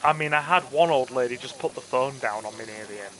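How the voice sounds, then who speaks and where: A man's voice: mid-range voice, quick pace, sharp tone, a little hiss or hum, rough recording. A man chatting earnestly while playing a game, ranting about politics with frequent restarts. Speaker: gaming channel host and campaign volunteer.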